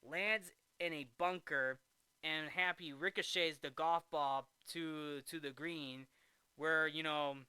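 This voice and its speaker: Bright, crisp-voiced man recapping a movie. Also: on the high side, fairly even intonation, slow pace, dry recording. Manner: rambling, with frequent restarts. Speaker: movie review host. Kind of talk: casual movie recap vlog.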